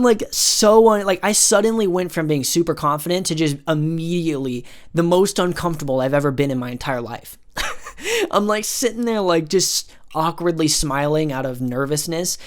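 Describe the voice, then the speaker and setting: A man telling a personal story in a casual, rambling way, swearing often and filling his speech with "like" and "you know". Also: fairly high pitch. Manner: rambling, profane, heavy filler words.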